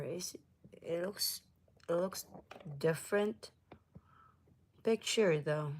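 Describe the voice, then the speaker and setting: A woman hosting a casual livestream, chatting with viewers, laughing often and sometimes dropping into a soft whisper. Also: fairly low pitch, animated, extremely slow, long pauses, husky. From United States. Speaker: livestream host.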